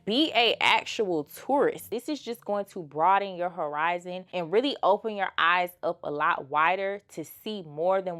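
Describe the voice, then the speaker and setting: A young woman, giving a chatty, emphatic motivational vlog monologue. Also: fairly low pitch. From Georgia, USA. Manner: emphatic and chatty, full of fillers and rhetorical "okay?". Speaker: lifestyle motivational vlogger.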